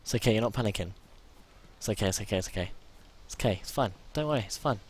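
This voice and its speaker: Man, gameplay commentary, lowish voice, nervous self-talk, whispers then yelps, repeats himself. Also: expressive, fast. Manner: anxious self-talk, swings from muttered whispers to sudden yelps; repeats himself under stress. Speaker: gamer.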